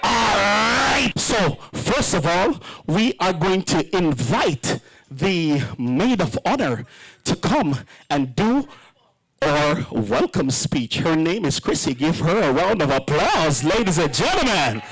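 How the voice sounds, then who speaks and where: A playful male wedding emcee who works the room with jokes. His delivery is unhurried and his pitch swings widely, sitting a little high for a man. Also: big pitch swings, a bit bright, husky, rough recording. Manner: playful, joking with the crowd. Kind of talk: hosting a wedding reception.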